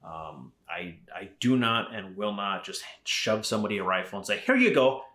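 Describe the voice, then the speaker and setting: A middle-aged Arizona man who founded a rifle company chats casually as a podcast guest, his voice on the low side, very animated, pushed and bright at a moderate pace. He tells rambling, profane stories packed with fillers, and the recording has a roomy echo.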